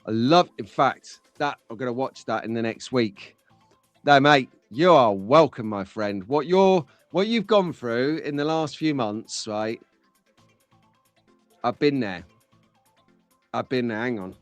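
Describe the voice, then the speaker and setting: A man's voice: mid-range voice, expressive, unhurried, no room sound, faint music behind. A man hosting a casual live stream, chatty and jokey, talking to viewers by name.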